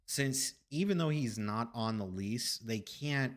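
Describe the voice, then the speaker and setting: A man's voice: mid-range voice, animated, slow. A man streaming games, telling a story casually with rambling, profane asides to his chat.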